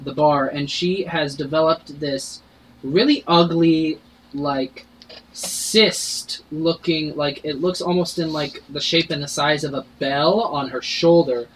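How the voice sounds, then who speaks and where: Brief: male game master, casual, rambling narration, high bright voice. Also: steady tone, takes it slowly, slight background noise, low-quality recording. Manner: casual, rambling, many fillers and restarts.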